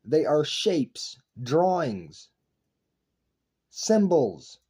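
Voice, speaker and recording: A man's voice: fairly high pitch, big pitch swings, drawn-out words, darkish tone, husky. A young man lecturing his viewers in an intense, profane, repetitive philosophical rant to camera. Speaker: online video creator.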